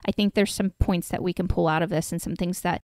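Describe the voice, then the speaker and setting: A woman's voice: on the low side, steady tone, quick pace, a little mellow, no room sound, clean studio sound. A woman who hosts a podcast as a dating coach, giving frank, direct advice in a casual chat and swearing casually.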